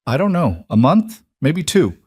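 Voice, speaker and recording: A man voicing a poor young frontier woman who talks in a guarded, flat way that rises when she is pressed. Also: on the high side, a little slow, husky, dry recording, clean studio sound, voice pushed up, full character voice. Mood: bitter.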